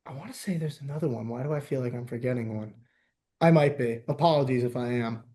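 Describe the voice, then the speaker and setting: Animated ranting young man, mellow voice. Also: mid-range voice, fast. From New Jersey–New York area. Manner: animated, ranting, laughs often. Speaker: podcast host. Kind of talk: casual podcast chat.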